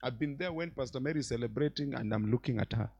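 A man preaching a sermon in church as bishop, swinging between loud exclamations and quiet asides. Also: mid-range voice, fast talker, creaky, breathy edge, muffled recording. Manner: animated preacher, mixes shouts with quiet asides.

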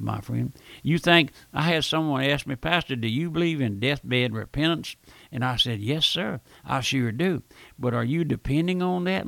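A man's voice: on the high side, gravelly, fairly bright tone, no room sound. An older man preaching a pleading, urgent radio sermon as a radio preacher. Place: radio broadcast recording.

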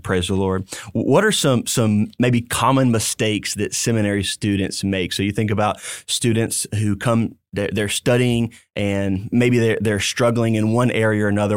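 A man's voice: on the low side, steady tone, normal speed, few pauses, dry recording. A man co-hosting a podcast in a studio, asking thoughtful questions and affirming his colleague. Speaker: podcast co-host and preaching professor. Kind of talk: conversational podcast discussion.

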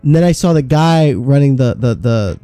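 A man spins a long, rambling work story on a podcast, swearing freely and acting out the other people in it. His voice is mellow and dark, recorded dry and close. Faint music sits underneath. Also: medium pitch, normal speed, dry recording. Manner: profane, rambling, animated storyteller. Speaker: podcast co-host. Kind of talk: casual storytelling chat.

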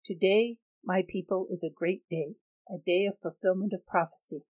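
A woman's voice: fairly low pitch, fairly even intonation, normal speed, darkish tone, close to an everyday voice, rough recording. A woman voicing a male ruler proclaiming grandly to his people in an audiobook reading.

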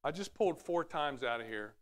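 A man's voice: on the high side, expressive, fairly quick. A man preaching a sermon, teaching from scripture with rhetorical questions and acting out Bible scenes in raised voices. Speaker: pastor.

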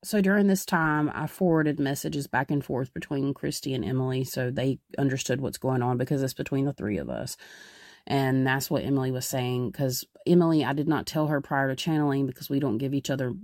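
Gravelly woman podcast host, rambling. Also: extremely low pitch, brisk, darkish tone, no echo. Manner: rambling, many fillers and restarts. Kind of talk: casual podcast narration.

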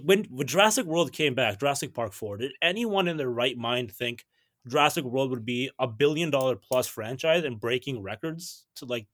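A man's voice: medium pitch, a bit bright, no room sound, clean studio sound. A young man hosting a podcast, chatting enthusiastically and speaking directly to his listeners. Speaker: podcast host. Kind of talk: casual chat.

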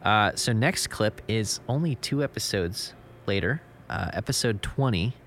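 A man's voice: on the low side, lively intonation, a little slow, fairly bright tone, slight background noise. A man co-hosting a podcast in casual chat, talking in an easygoing and agreeable way. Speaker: podcast co-host.

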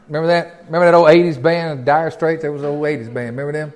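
A man's voice: a little high, fairly even intonation, fast talker. A man teaching from the Bible in a sermon. He talks in a folksy, conversational way and asks the congregation lots of rhetorical questions. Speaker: pastor.

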